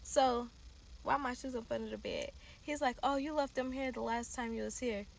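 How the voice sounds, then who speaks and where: Young woman w/ aave spilling a dramatic story, kinda gravelly voice, faint noise behind. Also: on the high side, normal speed. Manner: animated, dramatic, addresses listeners as y'all. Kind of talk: casual storytime.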